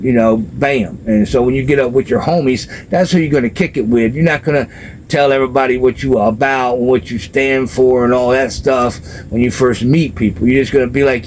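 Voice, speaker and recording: A man's voice: mid-range voice, a little fast, darkish tone, slight background noise, rough recording. A man vlogging about prison life from his own experience, talking in a loose, casual way with street slang and plenty of "you know". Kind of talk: casual storytelling monologue.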